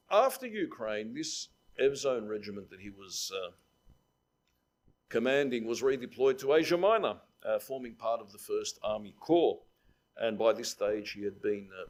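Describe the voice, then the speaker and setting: A man's voice: on the low side, expressive, unhurried. A man giving a public history lecture in a conversational, digressive way, with frequent fillers.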